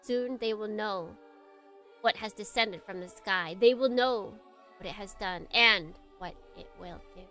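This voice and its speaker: A woman streamer playing a visual novel, laughing at the story and reading its narration aloud in a hushed, dramatic tone. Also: mid-range voice, measured pace, faint music behind. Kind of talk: let's play commentary and dramatic reading.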